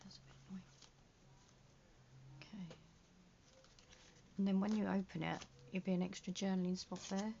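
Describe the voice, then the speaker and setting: A woman with a gravelly, fry-edged voice talks to herself at her craft desk, half-murmuring and often slipping into a whisper. The sound is dull and lo-fi, with a faint hiss underneath. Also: medium pitch, little pitch movement, normal speed, pauses often, warm tone. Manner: muttering to herself as she works, often drifting into a whisper. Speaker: junk journal crafter. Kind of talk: casual crafting vlog.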